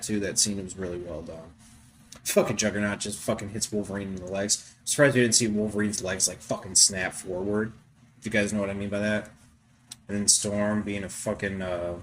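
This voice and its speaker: A man's voice: fairly low pitch, slight background noise. A young man hosting a podcast, giving casual, rambling commentary on a film. He swears often and fills his talk with "uh" and "like". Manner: rambling, profane, with frequent fillers. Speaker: podcast host reacting to a film.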